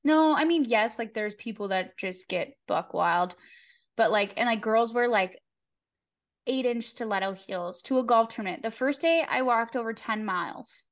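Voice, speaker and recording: A woman's voice: a little high, normal speed. A young woman co-hosting a podcast in casual chat, rambling with lots of "like" and casual swearing. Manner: chatty, filler-heavy, lots of "like", swears casually. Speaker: podcast co-host.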